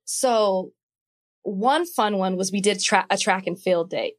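A woman co-hosting a podcast in a relaxed, easygoing way. She backs up her partner with short affirmations, then slips into lively storytelling about her own experiences. Her voice sits at a medium pitch. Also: slow. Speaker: podcast co-host. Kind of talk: casual podcast chat.

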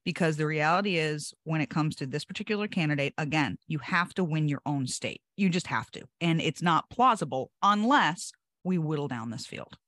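A confident political commentator in a casual panel chat, brisk and strategic. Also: medium pitch, animated, fairly bright tone, no echo, clean studio sound.

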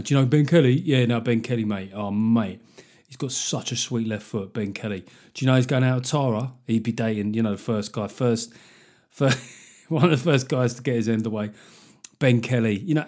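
A man's voice: mid-range voice, darkish tone. A British man hosting a podcast, talking casually and sardonically, with a chatty flow and free swearing. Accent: British English. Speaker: podcast host. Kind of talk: casual comedic monologue.

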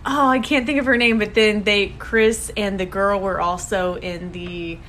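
A young woman in a casual chat, enthusiastic and full of quick restarts. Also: medium pitch, steady tone, a bit bright, a little hiss or hum.

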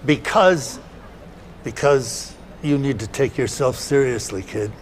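A man's voice: medium pitch, slow pace, slight background noise, lightly acted. An actor playing a stern, severe elderly grandfather who lectures coldly in a drama clip. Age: older.

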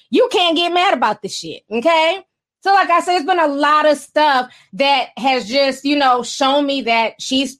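A woman's voice: high-pitched, fairly bright tone. A woman hosting a casual livestream of gossip commentary, sassy and slangy, often laughing as she talks.

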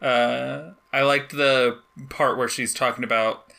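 A woman's voice: a bass voice, fairly even intonation, slow, creaky, fairly bright tone. A woman hosting a casual film discussion, upbeat and giggly as she retells scenes.

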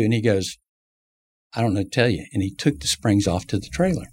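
Man, middle-aged, low husky voice, lively storytelling, interview guest. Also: fairly quick. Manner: acts out quotes with lively voice shifts. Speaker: guest, former NASCAR team manager.

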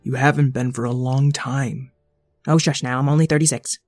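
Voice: mid-range voice, steady tone, moderate pace, darkish tone, soft background music, lightly acted. Weary fussing storybook mom, voiced by the narrator. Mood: fussy. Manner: fussing, doting. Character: tired, fussy middle-aged mother.

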